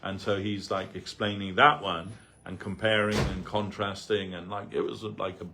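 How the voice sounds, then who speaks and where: A man's voice: sits low, flat delivery, moderate pace, background noise. A man giving a loose, anecdotal talk on a spiritual reading, full of "like" and "you know". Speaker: devotee speaker. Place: temple hall.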